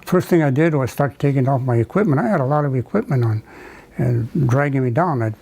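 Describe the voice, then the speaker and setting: An older man from the United States, telling a wartime memory in an oral history interview, halting with many fillers and restarts. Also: medium pitch, gravelly, a little mellow, breathy edge, poor audio. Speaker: veteran interviewee.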